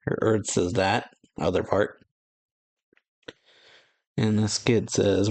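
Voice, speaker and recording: A man's voice: lowish voice, steady tone, slow, pauses often, darkish tone, no room sound. A man hosting a reaction channel who casually reads and paraphrases a manga chapter aloud, chuckling often and correcting himself as he goes. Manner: paraphrases character dialogue aloud with frequent chuckles; loose, rambling narration with self-corrections.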